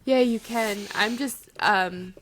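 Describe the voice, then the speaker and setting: A woman's voice: a little high, takes it slowly, a bit bright, slight background noise. A woman hosting a podcast, chatting casually and often laughing. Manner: giggly, chatty. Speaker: podcast host. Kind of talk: casual chat.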